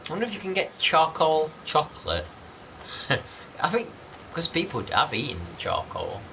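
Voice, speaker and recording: A man's voice: fairly high pitch, wildly swooping pitch, measured pace, sharp tone, slight background noise. A man chatting casually over gameplay as a channel host, rambling and greeting viewers by name.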